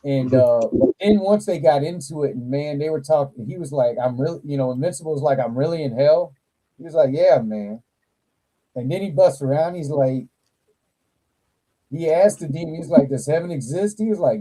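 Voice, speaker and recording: A man hosting a casual live toy chat, talking with animated, profane energy and frequent laughter. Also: fairly high pitch, low-quality recording. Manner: animated, profane, laughs a lot, slow drawl. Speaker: toy channel livestream host.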